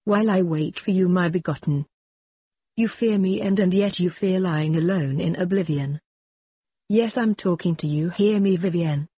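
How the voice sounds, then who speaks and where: Grim Reaper, male skeleton in a monk's robe, clipped and snappish, read by the narrator, husky, tinny phone-line sound. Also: medium pitch, moderate pace, dry recording, natural voice. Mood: solemn. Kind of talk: reading a ballad aloud.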